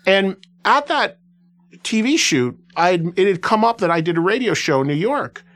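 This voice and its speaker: A male radio host with a voice pitched a touch above the usual for men. He tells stories in a loose, chatty manner, circling back and restarting sentences with plenty of casual fillers. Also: moderate pace. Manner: animated anecdotal telling, filler-heavy with restarts. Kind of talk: casual conversational storytelling.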